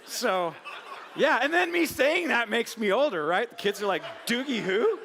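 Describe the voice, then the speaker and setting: A middle-aged man preaching a conversational sermon as a pastor, animated and joking as he tells stories with acted asides. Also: very high voice, normal speed, gravelly, slight background noise. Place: church sanctuary. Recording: church hall reverb.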